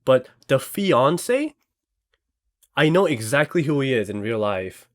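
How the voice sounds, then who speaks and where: A man's voice: mid-range voice, sing-song, slow. A young man in casual chat, telling a dream with lots of fillers and acted quotes. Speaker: storyteller.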